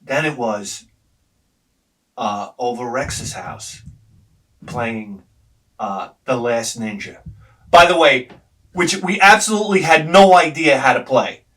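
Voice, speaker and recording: Middle-aged male host, loose profane anecdotes, lively swooping delivery, miked from a distance. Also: medium pitch. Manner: animated, swears freely, laughs at own stories. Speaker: retro gaming channel host. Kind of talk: rambling anecdotal storytelling.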